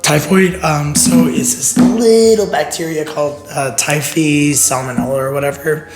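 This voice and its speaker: Hoarse, profane man telling a story. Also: a little high, steady tone, moderate pace, over loud music. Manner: profane, joking, rambling. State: hoarse, voice half gone. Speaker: podcast co-host. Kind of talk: casual chat.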